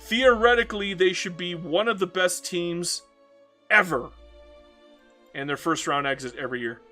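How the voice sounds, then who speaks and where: A man's voice: sits high, normal speed, pushed and bright, faint music behind. A man streaming a strategy game, chatting casually and ranting with frequent laughs and stammered restarts. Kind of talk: casual chat while gaming.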